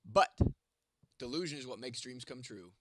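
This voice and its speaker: A man's voice: medium pitch, lively intonation, moderate pace, background noise. A man hosting a casual live stream. He talks straight to his viewers, swears often and rambles from one thought to the next. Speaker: livestream host reading chat.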